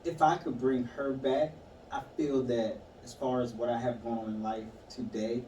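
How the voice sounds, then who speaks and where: Man guest, mellow dark voice, halting and reflective, echoey room heard from a distance. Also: mid-range voice, steady tone. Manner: halting, reflective, many fillers. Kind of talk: casual conversation, personal story. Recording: echoey room, far mic, some noise.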